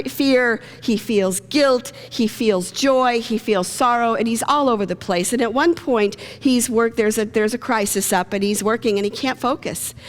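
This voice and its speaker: A middle-aged woman pastor giving a conversational sermon in a church, sometimes acting out the lines she quotes. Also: fairly high pitch. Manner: conversational, acts out quoted lines with shifting voices. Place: church sanctuary. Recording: long reverb of a church hall.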